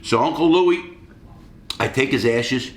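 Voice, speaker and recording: Middle-aged man, profane rambling storyteller; roomy room sound, mid-pitched. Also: unhurried. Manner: rambling, swears freely. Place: hotel suite.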